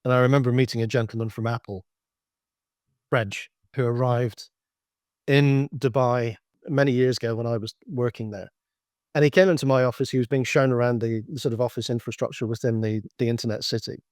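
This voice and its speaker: A man's voice: mid-range voice, fairly even intonation, brisk, darkish tone, dry recording. Man explaining with dry clarity. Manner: explanatory, anecdotal, frequent restarts. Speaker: business consultant guest. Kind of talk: slide-based business presentation.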